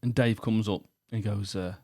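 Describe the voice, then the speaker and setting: A man, co-hosting a goalkeeper podcast and telling an animated night-out story with lots of acted quotes. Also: fairly low pitch, a little fast, no room sound, studio quality. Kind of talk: casual chat, telling a story.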